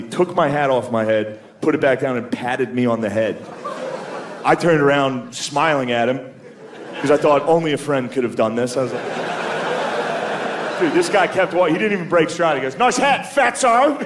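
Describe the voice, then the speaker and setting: On a comedy club stage before a live audience, a man with a mid-range voice performs stand-up, telling crude, self-deprecating stories and slipping into put-on voices. The live club recording carries loud crowd laughter and background noise.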